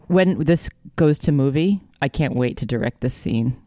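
A woman's voice: rumbling low, animated, moderate pace, few pauses, dark tone, dry recording, clean studio sound. Giggly woman reading her draft. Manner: giggly, reads in first person. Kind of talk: reading aloud and casual chat. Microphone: video call.

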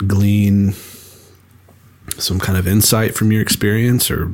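A man co-hosting a podcast in relaxed chat, rambling with lots of fillers and restarts. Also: lowish voice, slow pace. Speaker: podcast co-host. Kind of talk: casual chat.

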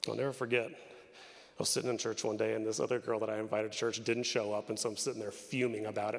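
A man preaches a sermon as a pastor, telling stories candidly and making fun of himself along the way. His medium-pitched voice stays steady and fairly quick, with the long reverb of a hall behind it.

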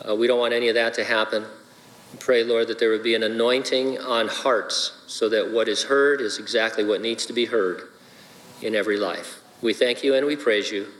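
Man, pastor, jokey sermon delivery, medium pitch, long hall echo. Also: steady tone, normal speed, fairly bright tone. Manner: jokey, playful asides. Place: church sanctuary.

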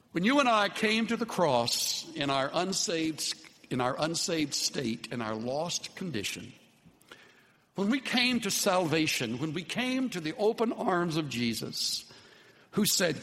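A man preaching a sermon with an earnest, unhurried delivery that softens to tender, quiet passages. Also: on the high side, long reverb tail. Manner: slow, earnest preaching with soft, tender dips. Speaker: pastor.

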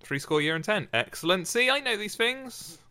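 A British podcast host reads a sonnet aloud, then banters playfully with his guest, teasing and tossing in quick asides. His bright, pushed voice sits high and swings widely in pitch.

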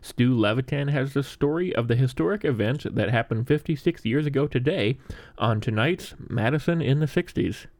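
A man hosting a local news program, reading a scripted introduction in a crisp announcer way. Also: medium pitch, animated, moderate pace, darkish tone.

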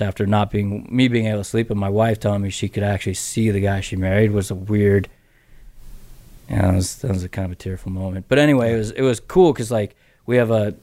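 A man's voice: lowish voice, steady tone, fairly quick, dark tone, no room sound. A middle-aged man as a podcast guest, rambling with many restarts and casual swearing as he tells his story. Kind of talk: casual interview chat.

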